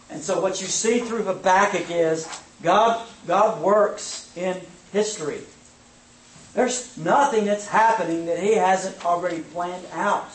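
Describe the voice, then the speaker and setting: A man teaching an informal Bible survey lesson, conversational and often checking in with his listeners. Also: high voice. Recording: echoey room, mic at a distance.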